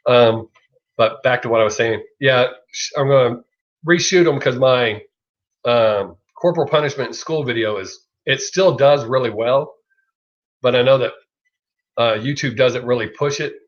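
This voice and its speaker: A middle-aged man with a Southern US accent hosts a livestream, chatting casually at a moderate pace in a medium-pitched voice. He rambles, swears freely and laughs often, and the sound is lo-fi and dull.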